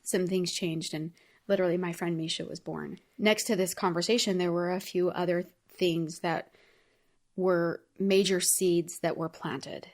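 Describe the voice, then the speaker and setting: Earnest woman sharing a heartfelt story. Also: fairly low pitch. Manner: earnest and heartfelt, chatty with frequent "like" fillers. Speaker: podcast host. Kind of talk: personal reflective monologue.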